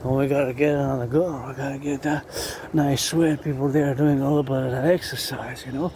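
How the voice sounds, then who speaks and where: A man's voice: mid-range voice, fairly even intonation, a little fast, warm tone, a little hiss or hum. A man who chants sing-song marching cadences outdoors by a river and then rambles loosely between chants. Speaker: vlogger.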